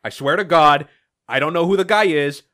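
A man voicing a brash young male hawk gang leader from a comic, recapping it in a casual, fast-talking way. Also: on the high side, bright, forceful tone. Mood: pleading.

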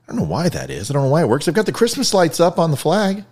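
A man hosting a show, telling a story in a casual, jokey way, swinging between loud bursts and quiet asides. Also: on the high side, huge pitch swings, quick pace, breathy edge. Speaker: host.

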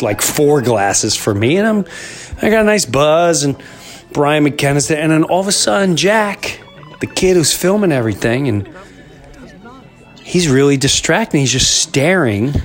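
A man in his fifties hosting a podcast, telling a rambling story in a casual monologue that jumps into loud disbelief. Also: medium pitch. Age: 50s. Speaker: podcast host.

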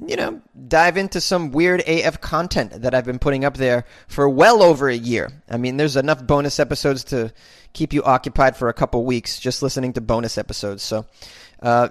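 A man's voice: on the high side, dry recording, clean studio sound. A man hosting his own podcast, chatting casually and self-deprecatingly as he answers listener comments. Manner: rambling, self-deprecating, with halting restarts. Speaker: podcast host.

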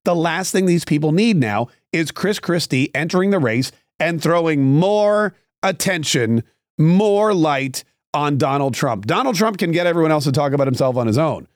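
A man's voice: on the high side, animated, moderate pace, no room sound, studio quality. A man hosting a political podcast, giving sarcastic, rambling opinion commentary with frequent restarts.

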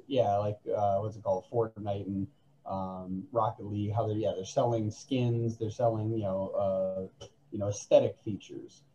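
A man's voice: on the low side, fairly even intonation, moderate pace, muffled recording, a crowd in the background. A man co-hosting a podcast in casual chat, rambling with many fillers and restarts, his voice crackly from lack of coffee. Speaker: podcast co-host.

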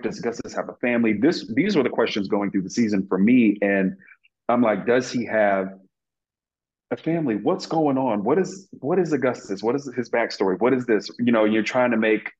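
A man being interviewed as an actor, earnestly telling stories from set, with many fillers and restarts. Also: fairly low pitch. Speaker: actor guest. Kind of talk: casual interview storytelling. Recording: lo-fi muffled audio.

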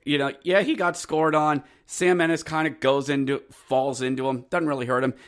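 A man hosting a hockey podcast, recapping games play-by-play, joking and bursting into shouted goal calls. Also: on the high side, fairly even intonation, normal speed. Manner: erupts into shouted goal calls, jokey asides. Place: jockey wagon.

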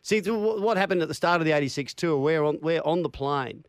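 Laughing Australian broadcaster, middle-aged. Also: male voice, a little high, fast, no room sound, studio quality. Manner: laughing, storytelling, good-humoured. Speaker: sports broadcaster. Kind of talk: casual banter.

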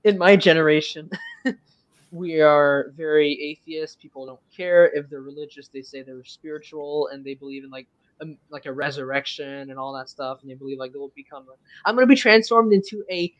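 An eighteen-year-old man, a native French speaker from Quebec, chats as a guest on a stream, his voice sitting a bit high for a man. He rambles, restarting sentences and filling gaps with "uh" and "like". The sound is close and dry, with no room around it. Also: little pitch movement, normal speed, dry recording, muffled recording. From Quebec, Canada. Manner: rambling, lots of fillers and restarts. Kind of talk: casual chat.

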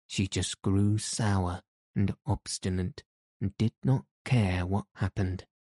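A man reading a story aloud in measured, even scripted narration. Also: low-pitched, no echo, clean studio sound. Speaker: audiobook narrator.

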